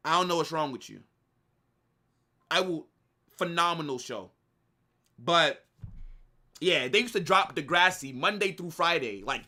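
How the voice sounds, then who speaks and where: A man's voice: fairly high pitch, pushed and bright. A young man casually chatting to his live-stream viewers in a slangy, rambling way. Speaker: watch-along streamer.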